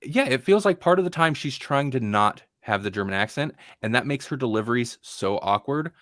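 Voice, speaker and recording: Male podcast co-host, medium pitch, loose rambling film-review chatter, dead dry mic. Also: lively intonation, fairly quick, a bit bright, no room sound. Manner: rambling, restarts often, puts on dull voices to mock actors. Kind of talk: casual film review chat.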